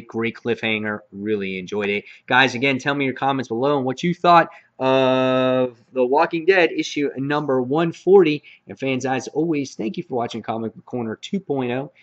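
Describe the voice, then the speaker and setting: A man's voice: medium pitch, normal speed, few pauses, a bit bright, dull audio. A man hosting his own comic book review channel, talking casually with lots of fillers and restarts. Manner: rambling with frequent fillers and restarts.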